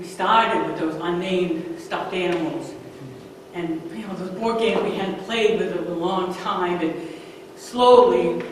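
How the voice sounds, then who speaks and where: Animated woman storyteller in her fifties. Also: medium pitch, a little hiss or hum. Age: 50s. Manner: animated, swings from hushed to emphatic. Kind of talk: live storytelling performance. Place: stage in a large hall. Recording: echoey hall, far-off mic.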